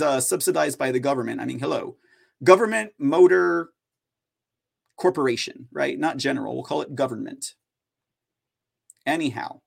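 A man's voice: fairly high pitch, creaky. A man hosting an opinion news show, talking in a sarcastic, mocking way.

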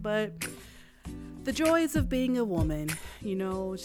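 A young woman hosts her own podcast, chatting candidly and casually with listeners she calls y'all. Her mid-range voice is sing-song, slow and darkish in tone, with frequent pauses. Soft music plays in the background of this casual solo monologue.

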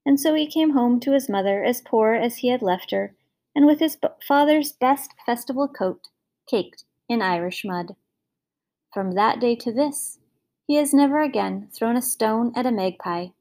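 Lady reading a fairy tale out loud, kinda high voice, expressive and steady. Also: normal speed. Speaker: storyteller. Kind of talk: scripted storybook narration.

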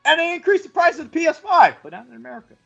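Casting: male podcast co-host, high and lively voice, animated storyteller who swears freely, slightly dull lo-fi sound. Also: racing, gravelly, soft background music. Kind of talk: casual chat.

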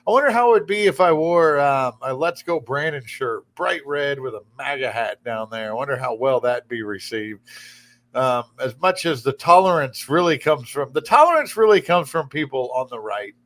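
A man's voice: mid-range voice, expressive, normal speed, a bit bright. A man hosting a radio talk show from a studio, chatting casually and rambling, often restarting his sentences. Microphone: studio broadcast microphone.

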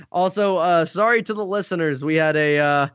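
A man talking as a podcast guest in casual chat, halting with many restarts and casual swearing. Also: sits high, a bit bright, smooth, no room sound. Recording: dull lo-fi call audio.

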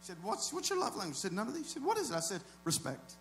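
Here a man gives a sermon as pastor, addressing the congregation casually, dipping low for asides and climbing to shouted peaks. His pitch swings widely, he races along, and there's slight background noise.

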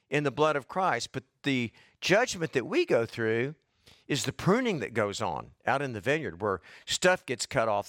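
Folksy pastor preaching. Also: male voice, mid-range voice, fairly bright tone, dry recording, clean studio sound. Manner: folksy, conversational preaching with rising emphasis. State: losing his voice and breath. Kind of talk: sermon.

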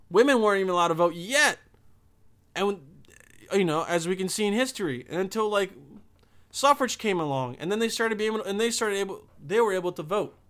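High-voiced young man ranting profanely. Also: fairly bright tone. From Bosnia. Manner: rambling, profane, emphatic. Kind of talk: casual profane monologue.

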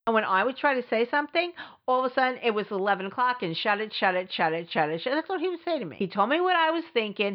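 A middle-aged woman hosting a podcast, telling her own story in a blunt, emphatic, sarcastic way. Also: a little high. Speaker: podcast host. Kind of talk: candid personal storytelling. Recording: dull lo-fi recording.

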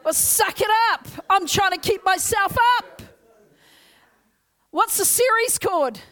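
A young woman preaching an energetic Pentecostal sermon in a church, loud and exclaiming as she leads the congregation in call-and-response. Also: extremely high pitch, a little slow. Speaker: guest preacher. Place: church service.

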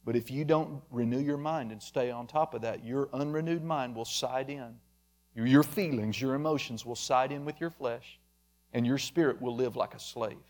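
A man's voice: mid-range voice, moderate pace, darkish tone. A man preaching a sermon emphatically, calling out members of the congregation by name. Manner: emphatic, addresses listeners by name.

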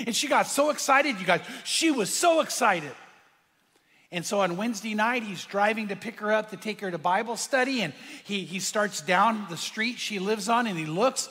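A man's voice: sits high, bright, forceful tone, husky. A man preaching a sermon, telling a story earnestly and speaking straight to his congregation. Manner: earnest storyteller who addresses the congregation directly. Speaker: pastor. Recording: long hall reverb.

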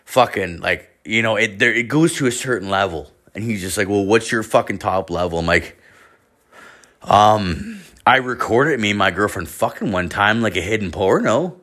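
In a casual storytelling monologue, the young male podcast host wanders loosely through his tale, cursing frequently, leaning on filler words and voicing others' lines loudly. His voice is on the low side and fairly bright, with lively intonation at a normal speed.

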